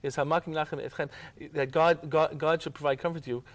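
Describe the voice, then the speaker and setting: A man, a rabbi, in a Talmud discussion, halting and repeating words as he presses his point. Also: fairly high pitch, steady tone.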